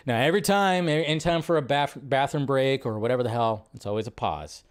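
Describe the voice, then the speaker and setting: A man's voice: mid-range voice, lively intonation, a little fast. A man hosting a live movie news stream, chatting casually in a rambling way and often repeating his phrases.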